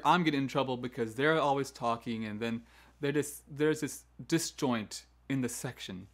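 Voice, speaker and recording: A choral music education host, a man with a slightly high voice, teaches classroom management. He speaks casually, peppering his talk with "right?" and restarts, and demonstrates teacher commands in a firm, downward-inflected tone.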